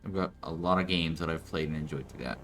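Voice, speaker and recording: A man's voice: very deep voice, fast, fairly bright tone, faint music behind. A man giving loose, rambling commentary while playing a video game, swearing now and then. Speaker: let's player. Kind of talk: casual gameplay commentary.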